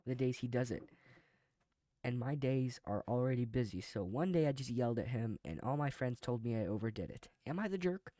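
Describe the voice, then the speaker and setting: Man, mid-pitched, close dry mic: casual reaction-video host who reads posts and riffs on them with a chuckle. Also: expressive, fairly quick, warm tone, no room sound. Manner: reads aloud then comments off the cuff, chuckling.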